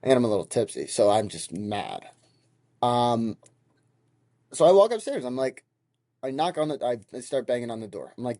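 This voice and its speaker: Heated profane young man, mellow voice. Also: mid-range voice, moderate pace, long pauses, no echo, clean studio sound. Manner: heated, profane, animated retelling. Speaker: podcast host. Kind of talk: casual storytelling monologue.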